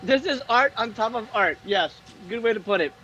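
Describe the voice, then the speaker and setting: Brief: bright, animated man streamer, high voice, swearing in disbelief at a movie. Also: moderate pace, lo-fi sound, a little hiss or hum. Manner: incredulous, profane, laughing often. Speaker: streamer hosting a movie watch party. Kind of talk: live stream reaction commentary.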